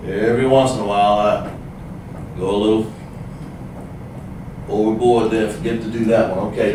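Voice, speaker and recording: A man teaching a livestreamed class, explaining slowly, repeating himself and sounding out letters. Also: medium pitch, far from the mic. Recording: echoey room, voice from off the mic, faint noise.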